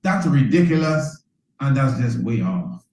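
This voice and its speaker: Male motivational speaker with a middle-pitched voice, preacher-style repetition and rhetorical questions, recorded in a roomy space. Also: big pitch swings, a little slow, a little mellow, slight background noise. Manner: preacher-like, repeats phrases, asks "you understand?"; calls listeners "family", leads them in call and response. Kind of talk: motivational talk to an audience.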